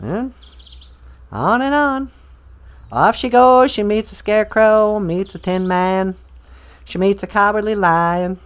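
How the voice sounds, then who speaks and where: A woman's voice: mid-range voice, lively intonation, takes it slowly, long pauses, clean tone. A woman telling a story in a playful, rambling way, with hesitant restarts. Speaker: guest storyteller. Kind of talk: casual storytelling.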